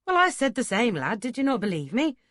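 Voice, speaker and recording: A woman voicing a stern, gruff young male scholar who talks in curt, scolding lines. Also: on the high side, sing-song, a little fast, a bit bright, no echo, studio quality, voice pushed up.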